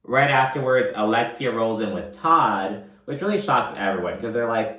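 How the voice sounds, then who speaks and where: A man giving a casual, profane recap of a reality show, gossiping and acting out the cast's lines in quick voices. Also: lowish voice, sharp tone. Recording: echoey room.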